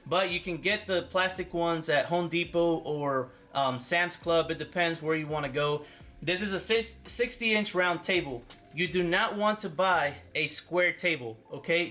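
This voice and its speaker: Guy w a high voice doing a gear walkthrough, keeps saying okay?. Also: pushed and bright. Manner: instructive, ends points with "okay?". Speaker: party rental business owner. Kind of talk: casual how-to walkthrough. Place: warehouse.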